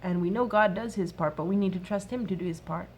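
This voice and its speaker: Casting note: woman in her thirties, mid pitch, sincere and soft-spoken, faint hiss behind her. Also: quick pace. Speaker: mom sharing a workshop talk. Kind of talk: gentle faith-based advice talk.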